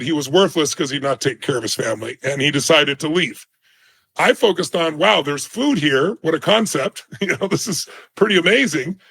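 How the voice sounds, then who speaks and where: A man's voice: fairly high pitch, a bit bright, poor audio. A man telling an earnest personal story from his childhood, emphatic and quoting the people in it. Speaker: speaker telling a life story.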